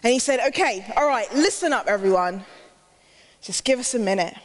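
Woman storyteller for kids, high lively voice, echoey hall, faint background noise. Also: moderate pace. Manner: animated, asks the children questions. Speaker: children's storyteller. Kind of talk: lively children's Bible story.

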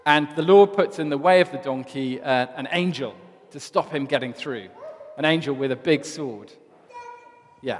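A man preaching a sermon, retelling Bible stories in a lively storytelling way. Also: fairly high pitch. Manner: storytelling, animated retelling of scripture. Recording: long church reverb.

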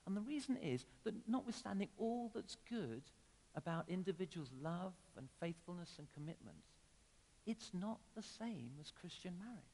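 A man preaching a sermon in a church, talking conversationally with sudden emphatic rises and soft drops. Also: high-pitched, sing-song, normal speed. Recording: long reverb of a church hall.

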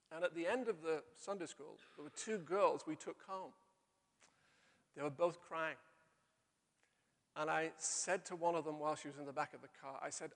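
A middle-aged male pastor preaching a sermon, telling stories and slowing down to stress key phrases. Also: fairly high pitch, gravelly, fairly bright tone. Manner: storytelling with slow emphatic pauses. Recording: long hall reverb.

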